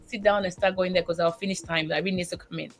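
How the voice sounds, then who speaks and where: Talking fast in a lowish voice, a woman appears on a faith talk show to share what being a single mother is like. She's animated and tearful, frequently restarting what she's saying.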